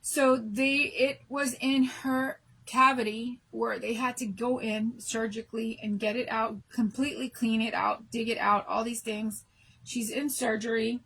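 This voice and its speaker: Worn out middle aged woman doing a craft stream, kinda husky, rambly and emotional, keeps restarting. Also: a little high, steady tone, a little slow, a bit bright, low-quality recording. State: exhausted from no sleep. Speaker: craft channel host. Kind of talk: casual live chat to viewers.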